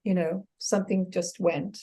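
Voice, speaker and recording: A woman's voice: fairly low pitch, fairly even intonation, unhurried, warm tone. Earnest woman reflecting in an interview. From United States. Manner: earnest, reflective, with restarts and light laughs. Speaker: author and exercise therapist, guest. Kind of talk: casual interview conversation.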